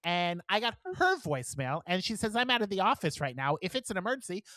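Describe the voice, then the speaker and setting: A man in his forties, a podcast co-host, telling a long story in casual chat, animated, swearing and laughing as he talks. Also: sits high, fast talker, dry recording, studio quality. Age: 40s.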